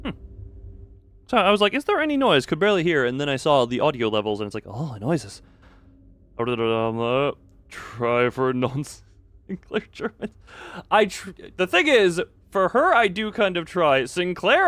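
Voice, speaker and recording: A man's voice: a little high, big pitch swings, normal speed, a bit bright, dry recording. A young man streaming a game, chatting in a rambling, self-mocking, jokey way. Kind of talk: casual live-stream chat.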